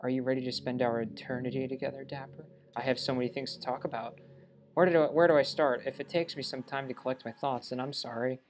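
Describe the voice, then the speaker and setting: During a let's play, a man with a medium, steady voice reads a lovestruck young woman's game dialogue aloud in his own natural voice, moving fast and stumbling slightly. The mood is sweet, and there's a bit of background noise.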